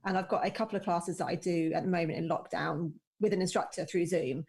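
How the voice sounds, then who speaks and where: Enthusiastic woman, lowish voice. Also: fairly even intonation, quick pace, a little mellow. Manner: enthusiastic, explanatory. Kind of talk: casual chat. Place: home, remote call.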